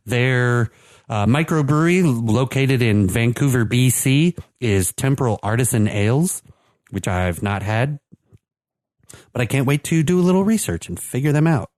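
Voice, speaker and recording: A man's voice: medium pitch, lively intonation, normal speed, a little mellow, no room sound, clean studio sound. A man co-hosting a podcast, talking casually about soccer teams with lots of fillers and restarts. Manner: chatty, many fillers and restarts. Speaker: podcast co-host. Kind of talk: casual sports chat.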